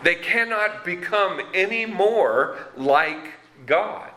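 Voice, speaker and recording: A man preaching a sermon as pastor, slow and deliberate, reading scripture with dramatic emphasis. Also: high-pitched, animated, pushed and bright. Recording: roomy echo.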